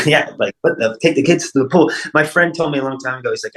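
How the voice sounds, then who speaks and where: A man's voice: medium pitch, expressive, a little fast, fairly bright tone, rough recording. A man chatting loosely as a guest, swearing and repeating himself. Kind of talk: casual interview chat.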